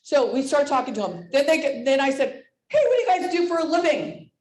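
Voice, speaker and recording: Excitable woman presenter in her 60s, high voice, echoey room, loud motivational storyteller. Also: fast talker. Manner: excitable, loud, laughs often. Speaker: presenter at a sales meeting.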